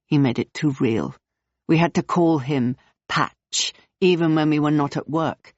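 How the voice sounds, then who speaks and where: A calm, matter-of-fact woman from the circus, as an audiobook reader puts her on. She explains things slowly and evenly. The recording is dry and a little dull. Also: sits low, dry recording.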